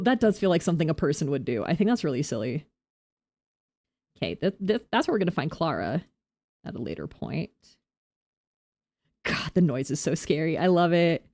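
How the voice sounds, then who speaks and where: A woman's voice: sits low, big pitch swings, moderate pace, pauses often, a little mellow, no room sound. A young woman streaming a game, chatting casually and giggling as she rambles.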